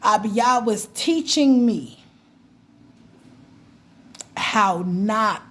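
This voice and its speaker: Lively woman chatting about her faith. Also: mid-range voice, drawn-out words. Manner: animated, laughing, mimics voices in stories. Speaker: vlogger. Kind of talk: casual faith talk to camera.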